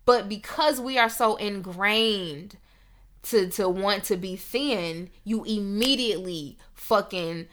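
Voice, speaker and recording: A woman's voice: medium pitch, takes it slowly, fairly bright tone. A young woman hosting a podcast, ranting in a heated, emphatic, profane casual talk. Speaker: podcast host.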